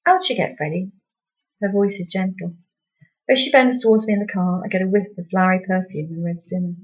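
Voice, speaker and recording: A woman's voice: mid-range voice, fairly even intonation, quick pace, darkish tone, dull audio. A woman reading her own novel aloud in first-person storybook narration, with a dry, wry tone.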